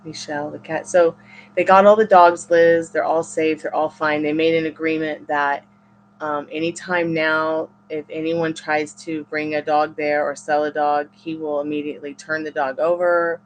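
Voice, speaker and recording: Rambling, halting woman chatting on a live stream. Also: sits low, little pitch movement, slight background noise. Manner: rambling, halting, with many restarts and fillers. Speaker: live-stream tarot reader. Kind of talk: casual live-stream chat with viewers.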